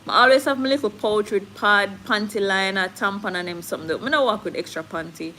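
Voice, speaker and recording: A woman's voice: medium pitch, fairly quick, sharp tone, a little hiss or hum, low-quality recording. A woman with a Jamaican accent chatting candidly on a live stream, slipping into patois as she talks. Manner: candid, switching into patois, reads viewer comments. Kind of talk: casual live-stream chat.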